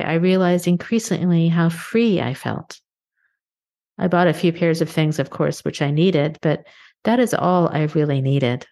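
Low-voiced earnest woman podcaster. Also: warm tone. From Canada. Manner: measured, earnest, slows down for emphasis. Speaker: podcast host. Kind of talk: reflective motivational monologue.

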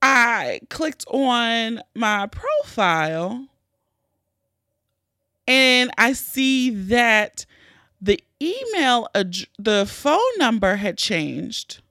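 A woman hosting a podcast, telling a personal story in a candid, animated way with plenty of swearing. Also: on the high side, very slow, no echo, studio quality. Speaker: podcast host. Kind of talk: casual storytelling.

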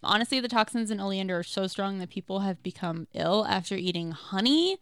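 A woman co-hosting a podcast in casual chat, reading out facts with quick, animated exclamations. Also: medium pitch, clear, resonant tone, no room sound. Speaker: podcast co-host.

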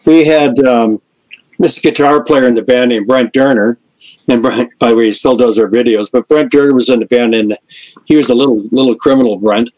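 A man's voice: mid-range voice, brisk, rough recording. An older man, a musician being interviewed, telling anecdotes and acting out the people in them. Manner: lively storyteller who acts out the people in his stories. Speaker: guest musician, lead singer. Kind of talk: anecdotal storytelling in a podcast interview.

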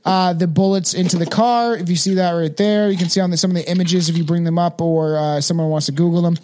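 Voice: mid-range voice, fairly even intonation, quick pace, a little mellow, slight background noise. A young adult podcast co-host chatting casually and reading articles aloud, swearing freely and tripping over names while intoxicated. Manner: loose and profane, stumbles over names and words.

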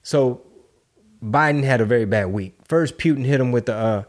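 A man chatting casually as a podcast co-host, animated and profane. He jumps into short mocking impressions of other people. His voice sits at an everyday middle pitch. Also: moderate pace. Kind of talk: casual political banter.

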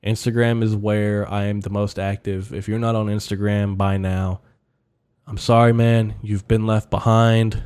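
A man's voice: on the low side, flat delivery, unhurried, darkish tone, clean tone. A man hosting his own comedy podcast in a solo monologue, ranting and rambling, swearing freely with lots of fillers. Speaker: podcast host.

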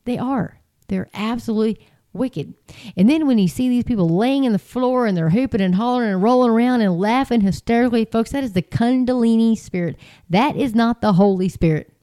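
A woman's voice: a little high, fairly quick, mellow. A woman talking in a casual, rambling way, full of fillers and restarts, sounding exasperated and incredulous. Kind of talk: casual commentary.

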